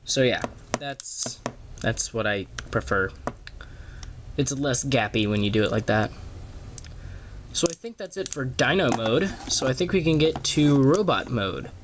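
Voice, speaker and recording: A man reviewing a toy in a slow, unhurried way, stopping often to correct himself and filling gaps with ums. His voice sits at an ordinary middle pitch, and a steady noise hum runs under the home recording. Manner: halting, many fillers and self-corrections. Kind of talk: casual toy review and transformation walkthrough. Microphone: camera on a small tripod.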